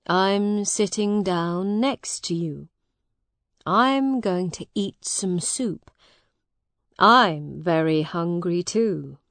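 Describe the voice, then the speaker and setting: A woman voicing a gentle weary soldier. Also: lowish voice, extremely slow, no echo, full character voice. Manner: gentle and patient. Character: kind weary young soldier man. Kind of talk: storybook reading.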